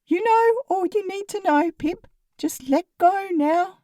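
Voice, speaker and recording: A woman reading a calm, intense young man. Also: extremely high pitch, slow pace, no room sound, studio quality, far from the mic, voice pushed up. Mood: soothing. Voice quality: serious and intense. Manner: gently patronizing.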